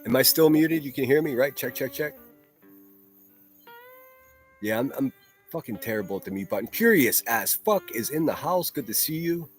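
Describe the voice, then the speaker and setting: A man's voice: medium pitch, lively intonation, moderate pace, long pauses, soft background music. Profane ranting male livestream host. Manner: profane, mocking, combative.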